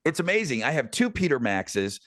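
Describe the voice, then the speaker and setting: Animated middle-aged man telling stories. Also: mid-range voice, brisk, dry recording, studio quality. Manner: rambling, animated anecdotes with many fillers. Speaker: podcast host. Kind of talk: casual storytelling chat.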